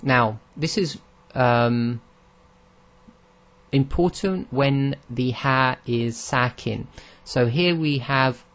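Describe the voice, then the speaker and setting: A man of middle pitch gives a recorded lesson on how Arabic letters are pronounced. He explains patiently, step by step, and models each sound aloud for his listeners to copy. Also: drawn-out words, a bit bright. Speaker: Arabic pronunciation teacher.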